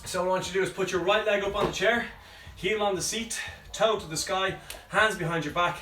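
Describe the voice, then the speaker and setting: High, bright-voiced panting fitness coach. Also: male voice, steady tone, a little fast, a little hiss or hum. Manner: encouraging, counts down reps aloud. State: out of breath. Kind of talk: live workout instruction with counting. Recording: roomy sound from a distant mic with faint music behind.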